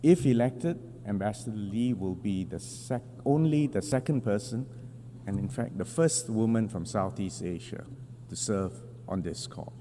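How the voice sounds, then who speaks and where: A man delivering a formal prepared speech as a government delegate at a large assembly, measured and emphatic with deliberate pauses. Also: fairly low pitch, lively intonation, mellow, in a large hall, slight background noise.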